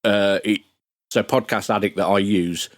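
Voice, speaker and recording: A man's voice: fairly low pitch, fairly even intonation, moderate pace, dry recording. Chatty man with a dry close sound. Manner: rambling, chatty, many restarts. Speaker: podcast guest. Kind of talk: casual podcast chat.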